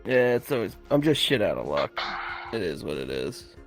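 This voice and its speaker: Hoarse, gravelly young man. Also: sits low, sing-song, normal speed, soft background music. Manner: joking, sardonic, crude banter. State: hoarse, tired. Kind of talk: casual voice chat role-play.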